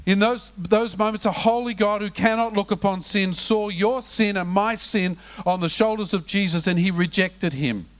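A man preaching a sermon as pastor, passionate, dropping to hushed lows and rising to raised, emphatic cries. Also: normal speed, few pauses.

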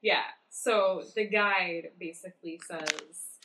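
A woman in a casual chat about a film, adding points and agreeing in a relaxed, chatty way. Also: fairly low pitch, unhurried, noisy background. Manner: chatty, agreeing, adds points with many fillers.

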